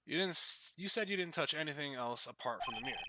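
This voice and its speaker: A man's voice: fairly high pitch, lively intonation, quick pace, background noise, voice pushed up, lightly acted. A man voicing an earnest young male defense lawyer in a game, explaining his case.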